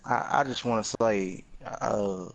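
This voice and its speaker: A man's voice: on the low side, takes it slowly, creaky. A man guesting on a gaming podcast, joking around and repeating phrases as he signs off. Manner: playful, repeats phrases, hammy sign-off. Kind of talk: casual podcast chat.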